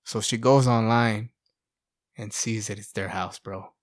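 Man, middle-aged, lowish voice, lively storytelling, dry close mic. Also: measured pace, no room sound. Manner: animated, acts out quotes, fillers like "you know" and "bro". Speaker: guest sharing testimony. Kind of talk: casual storytelling.

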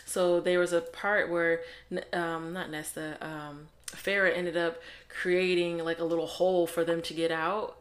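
A woman's voice: lowish voice, flat delivery, a little slow, hardly any pauses. A woman co-hosting a book review podcast, retelling the plot in casual chat and acting out the characters' lines.

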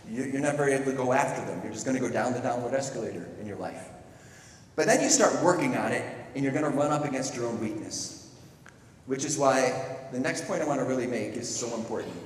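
A middle-aged man preaching a sermon, telling stories with lively acted-out quotes. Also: mid-range voice, far from the mic, a little hiss or hum. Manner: animated storytelling with playful acted quotes. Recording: echoey hall, speaker away from the mic.

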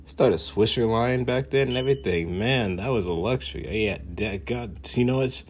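A man's voice: mid-range voice, normal speed, slight background noise. A man ranting casually for laughs, boastful and profane, laughing often. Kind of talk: casual comedic rant.

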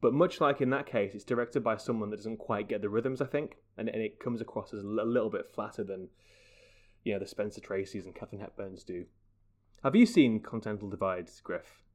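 A man co-hosting a podcast, discussing a film in a measured, hedging way, often restarting his sentences. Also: fairly low pitch. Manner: measured, hedging, self-correcting. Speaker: podcast co-host.

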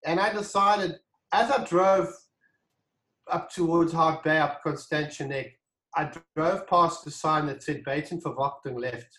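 Animated man, echoey room. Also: fairly high pitch, unhurried. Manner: animated, acts out quoted dialogue, frequent restarts. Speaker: guest, wine brand founder. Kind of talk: casual storytelling interview.

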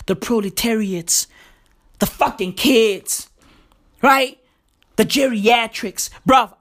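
A woman's voice: a little high, fairly bright tone. A woman in a casual monologue, boastful and profane, who keeps repeating the same catchphrases. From South Africa. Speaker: vlogger.

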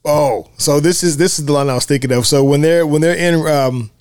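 A man hosting a podcast, chatting casually about a film, animated and laughing often. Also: on the high side, brisk, no echo, clean studio sound. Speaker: podcast host.

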